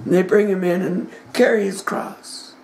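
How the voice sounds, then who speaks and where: A man preaching a dramatic sermon, retelling the story with passion and swinging from hushed tones to shouting. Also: high-pitched, fairly even intonation, normal speed, vocal fry, a little hiss or hum. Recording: echoey room.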